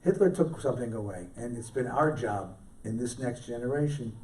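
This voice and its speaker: A man's voice: medium pitch, normal speed, darkish tone, recorded from a distance. A middle-aged man from California, a rabbi telling anecdotes with self-deprecating humour to a congregation. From California, USA. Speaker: rabbi, guest scholar. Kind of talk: storytelling talk to a congregation. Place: synagogue hall. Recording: roomy hall, mic from afar.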